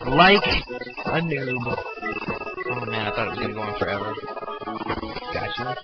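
Excitable young man joking over a game. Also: mid-range voice, moderate pace. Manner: excitable, jokey, shouty outbursts. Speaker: let's play host. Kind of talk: gameplay commentary. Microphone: cheap home mic. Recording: dull lo-fi mic, loud game music.

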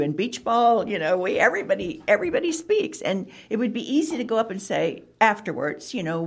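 A woman author being interviewed, telling lively stories and acting out the voices of the people in them. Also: a little high, a little fast, hardly any pauses, slightly rough. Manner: animated, acts out quoted dialogue. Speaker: author and guest. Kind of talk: conversational interview storytelling.

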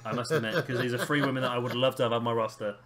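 A British man giving casual, excitable play-by-play commentary on a wrestling video game. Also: medium pitch, rapid-fire. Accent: British English. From Britain. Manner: excitable, calls near-falls with rising energy.

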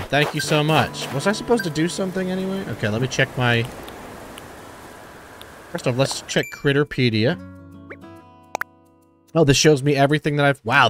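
A young man giving excitable, cursing let's-play commentary while thinking aloud. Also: medium pitch. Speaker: gaming channel host. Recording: game music behind.

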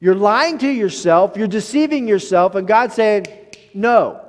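A man with a high voice preaching, storytelling with animation and acting out the quotes. He often restarts his phrases. His voice rings with long reverb. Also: lively intonation, normal speed. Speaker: pastor. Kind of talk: sermon.

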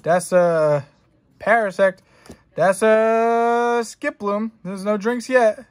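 A man's voice: high-pitched, takes it slowly. A young man hosting a casual card unboxing stream, rambling and joking with his chat, with plenty of swearing. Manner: rambling, jokey and profane, talking to chat. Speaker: streamer unboxing trading cards.

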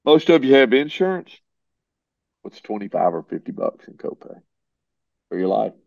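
A middle-aged man, a podcast guest, telling folksy stories in a conversational way and breaking into lively voices when he quotes people. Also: on the low side, normal speed, gravelly, no echo. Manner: folksy, animated when quoting others. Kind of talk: conversational storytelling. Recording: dull, slightly lo-fi sound.

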